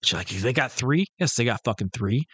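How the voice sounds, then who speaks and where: A man's voice: mid-range voice, expressive, brisk, fairly bright tone, husky, no echo. A man co-hosting a podcast, chatting casually about movies, rambling and swearing, acting out scenes as he goes. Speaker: podcast co-host. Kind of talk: casual profane movie chat.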